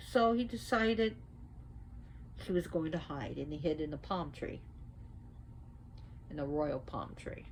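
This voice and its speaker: A woman casually teaching religious lore, retelling a myth in an animated, conversational way. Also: low voice, unhurried, long pauses, slight background noise, poor audio. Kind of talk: casual storytelling lesson.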